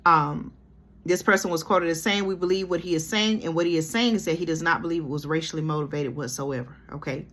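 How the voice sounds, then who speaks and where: A woman's voice: sits low, fairly quick, fairly bright tone. A woman from Georgia, commenting on a news article she reads aloud, breaking in often with "okay?" and "y'all". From Georgia, USA. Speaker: commentary vlogger.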